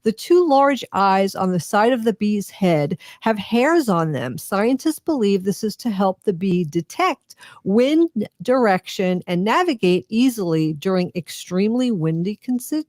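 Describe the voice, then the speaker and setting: A woman's voice: mid-range voice, big pitch swings, a little slow, few pauses, darkish tone, no echo, studio quality. A woman from Long Island with a Long Island New York accent, co-hosting a radio show and reading out fun facts with chatty asides. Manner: reads facts aloud with chatty asides and laughs. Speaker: radio co-host.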